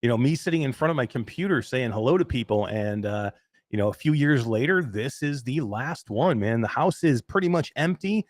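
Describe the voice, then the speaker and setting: A man with a New York accent hosts a live podcast from his home. He rambles excitedly, full of fillers and restarts. The sound is close and dry. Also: medium pitch, a little fast, no room sound. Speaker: host. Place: emptied home den.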